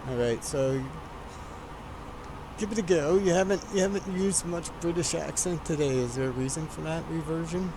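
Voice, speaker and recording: A man's voice: a little high, moderate pace, background noise. A man streaming a flight simulator, chatting casually and teasingly with a voice assistant.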